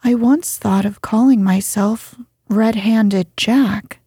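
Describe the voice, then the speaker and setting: A woman's voice: fairly high pitch, slow, mellow, breathy edge, dry recording, studio quality, heavily acted. A woman voicing an earnest, principled older boy in a storybook reading.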